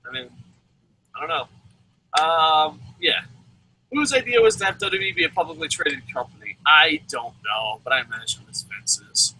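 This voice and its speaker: A man's voice: on the high side, expressive, moderate pace, pushed and bright, slight background noise, rough recording. A man co-hosting a wrestling review show in casual chat, swearing often, rambling and laughing as he goes.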